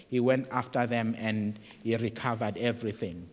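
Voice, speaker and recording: A man's voice: mid-range voice, fairly even intonation, normal speed, few pauses, a little mellow, long reverb tail. A man preaching a sermon in an earnest way, often repeating words and restarting phrases.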